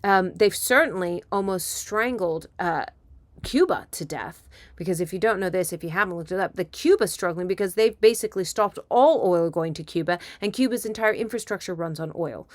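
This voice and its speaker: A woman's voice: fairly low pitch, normal speed, dry recording. Woman riffing on politics, dry close sound. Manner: rambling and animated, with asides and impressions. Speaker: comedian and commentator. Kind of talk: casual political commentary monologue.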